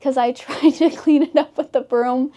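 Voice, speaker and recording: A teenage girl in an interview, telling funny stories about her brother, chatty and quick to laugh. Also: high-pitched, fairly even intonation, dark tone. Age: teens. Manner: giggly, chatty, quick asides. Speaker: interviewee, high school senior. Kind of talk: casual interview storytelling.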